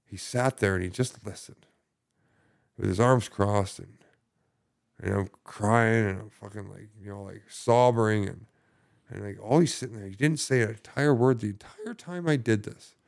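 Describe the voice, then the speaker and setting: A man's voice: on the low side, moderate pace, vocal fry. Swearing, rambling man telling his story. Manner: rambling, heavy swearing, many fillers. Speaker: podcast guest. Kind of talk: recovery story, casual talk.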